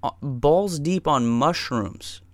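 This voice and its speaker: A man's voice: fairly high pitch, expressive, slow, no echo. A man hosting a podcast, telling a personal story in a casual, profane and emphatic way. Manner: profane, emphatic, says "dude" and "man" a lot. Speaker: podcast host.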